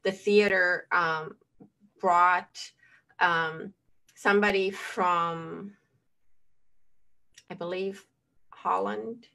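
A woman guest scholar in a casual discussion over a video call, measured and hesitant, with many pauses. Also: on the low side, a bit bright, rough recording.

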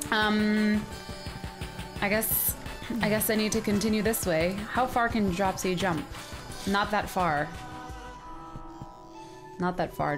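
A woman hosting a let's play, chatting excitedly and often sounding confused as she plays. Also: mid-range voice. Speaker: gaming video host.

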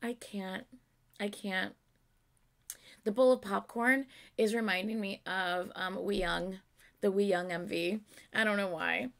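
A young woman reacting to a music video at home, gushing with excitement while keeping her voice down so she doesn't wake anyone. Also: medium pitch, normal speed. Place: home, early morning.

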